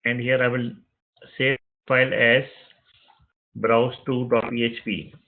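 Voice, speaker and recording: A man's voice: mid-range voice, flat delivery, unhurried. Man narrating a tutorial over tinny audio. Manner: step-by-step narration of clicks, repeats phrases. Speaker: web development instructor. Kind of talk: screen-recorded software tutorial.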